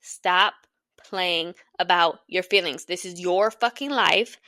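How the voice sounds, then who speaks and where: Solo podcast host, woman in her twenties, bright and blunt, dry close sound. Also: fairly low pitch, slow pace, no echo. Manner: blunt, profane, rambling with bursts of laughter. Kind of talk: casual solo podcast monologue.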